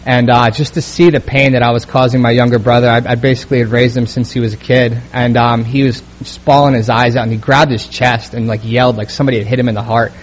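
A young man telling his recovery story as a personal testimony, halting with many fillers and restarts. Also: medium pitch, flat delivery, slight background noise. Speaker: speaker sharing a recovery story.

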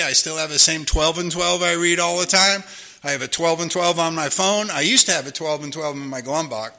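An older man with a gravelly voice tells his recovery story to a meeting. His tone is sharp and bright, and he sits a little high in pitch. He talks earnestly and keeps checking in with the room. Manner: earnest storytelling, repeats himself, frequent "you know?". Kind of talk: personal testimony talk.

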